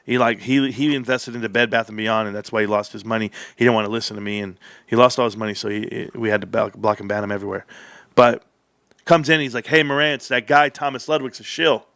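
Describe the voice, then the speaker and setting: A man hosting a livestream, telling a long story in a rambling, animated way, with profanity, restarts and side remarks. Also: fairly low pitch, fast, vocal fry, no room sound. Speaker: livestream host.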